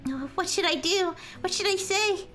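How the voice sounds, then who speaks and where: A woman's voice: very high voice, normal speed, a bit bright, faint music behind, voice pushed up. A woman reading the lines of a lovestruck, anxious schoolgirl who stumbles through a breathless confession. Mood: panicked.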